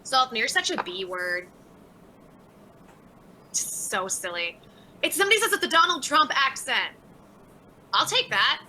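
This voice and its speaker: A woman's voice: high-pitched, sing-song, unhurried, pauses often, bright, forceful tone, a little hiss or hum, rough recording. A woman hosting a casual livestream, reading out viewer chats and answering them by name in a sarcastic, laughing way. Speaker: livestream host.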